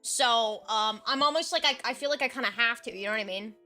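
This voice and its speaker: A woman's voice: a little high, fast, bright, forceful tone, faint music behind. A woman streamer chatting casually and reading her detective character sheet aloud, with chatty asides.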